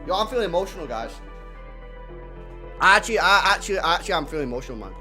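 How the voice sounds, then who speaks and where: Excitable man reacting live. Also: high voice, fast, faint music behind. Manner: animated, repeats himself, slangy. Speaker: football reaction streamer.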